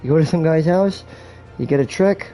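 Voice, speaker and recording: A man's voice: fairly high pitch, normal speed, dark tone, soft background music. A man giving a joking, rambling walkthrough commentary on a video game, full of crude jokes and swearing.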